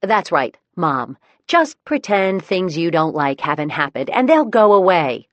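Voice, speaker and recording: A woman's voice: fairly low pitch, sing-song, measured pace, no room sound. A woman playing a defiant young adult daughter. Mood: indignant. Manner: sulky, indignant retorts.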